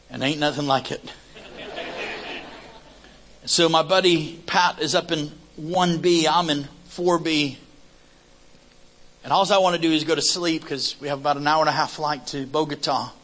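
A man telling a lively, comic testimony story in a sermon, acting out the people in it. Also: on the high side, rough recording. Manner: animated, comic storytelling with acted quotes.

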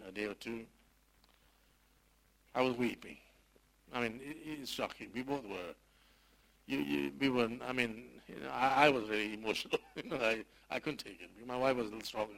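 A male pastor recounts a loss from the pulpit in an emotional, halting way. His voice sits in an ordinary middle register, and he often stumbles and repeats words before pressing on. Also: mid-range voice, creaky, fairly bright tone, poor audio. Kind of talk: sermon testimony.

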